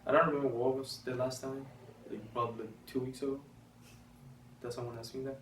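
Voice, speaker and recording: A man's voice: medium pitch, flat delivery, brisk. Young Salvadoran man, Spanish native, hesitant, roomy distant mic, faint hiss. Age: young adult. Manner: hesitant, many fillers. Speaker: interviewee. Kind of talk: documentary interview.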